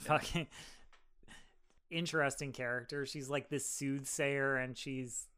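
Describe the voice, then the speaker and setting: A man co-hosting a podcast in casual chat, enthusiastic and quick to act out quotes. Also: medium pitch, steady tone, bright, forceful tone, clean tone. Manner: enthusiastic, acts out quotes, laughs often. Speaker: podcast co-host.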